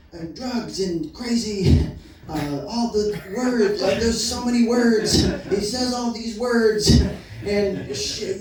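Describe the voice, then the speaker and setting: A man with a high voice performs a stand-up set, rambling through mock-grand impressions and laughing at his own jokes. He is picked up from a distance in a very echoey small venue, with the audience clearly audible. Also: animated, takes it slowly. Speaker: stand-up comedian. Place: small comedy venue before a live audience. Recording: echoey room from far off, crowd audible.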